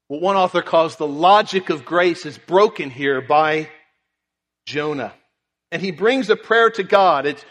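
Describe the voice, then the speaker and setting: A man's voice: a little high, a bit bright. A man preaching a sermon, earnestly reading and explaining scripture. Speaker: pastor. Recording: long reverb in a large hall.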